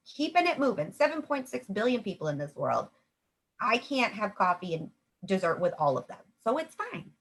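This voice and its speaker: A woman's voice: medium pitch, very animated, normal speed, husky. A young adult woman talking from home, coaching in a chatty, upbeat way and acting out sample sales conversations. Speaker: network marketing coach. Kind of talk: casual coaching talk.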